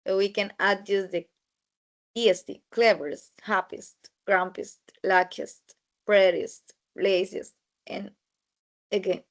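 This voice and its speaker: A woman teaching an English grammar lesson in a slow, methodical way, repeating words as she goes. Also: medium pitch, little pitch movement.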